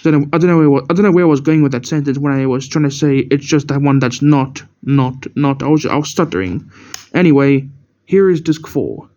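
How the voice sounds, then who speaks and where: A young man with a fairly high, warm voice talks fast while casually showing off his DVD collection. He rambles, stumbles over words, and corrects himself in this show-and-tell narration, captured on dull lo-fi camera audio.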